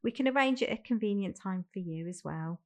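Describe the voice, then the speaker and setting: A woman's voice: medium pitch, expressive, fairly quick, darkish tone. A woman with a Birmingham accent, a fostering recruitment manager, explaining next steps kindly in a role-played phone call. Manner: friendly, reassuring, explains step by step.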